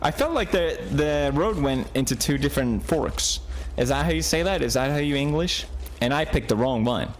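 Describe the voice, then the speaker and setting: A man in his thirties playing a horror game on video, joking along and jumping into high yelps whenever he gets scared. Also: animated, normal speed, hardly any pauses, a little hiss or hum. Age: 30s. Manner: jumpy, jokey, bursts into high yelps when scared. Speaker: gaming video host. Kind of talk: horror game play commentary.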